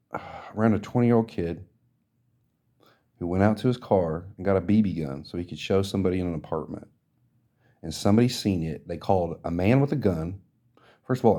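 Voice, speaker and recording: A man on a podcast, ranting in an indignant, emphatic way and swearing freely. His voice sits fairly low, with a soft, mellow tone rather than a bright edge. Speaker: podcast host. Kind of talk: ranting social commentary.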